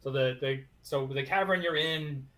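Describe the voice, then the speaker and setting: A man narrating a tabletop game as game master, halting and full of fillers. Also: medium pitch, fairly bright tone.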